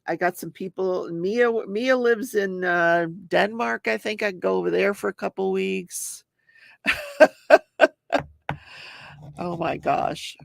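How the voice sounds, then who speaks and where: A little slow and with few pauses, an older woman speaks in a creaky mid-range voice while hosting her crafting and true-crime talk show. She chats on a casual livestream, reading viewer comments aloud as she crafts and laughing often, recorded at studio quality with no echo.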